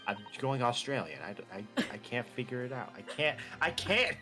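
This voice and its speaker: A man's voice: medium pitch, lively intonation, moderate pace, few pauses, over music. A man joking casually with friends about the accents he can and can't do while they dub a game together. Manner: self-mocking, laughs often. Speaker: voice actor in a group fan dub. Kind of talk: casual banter.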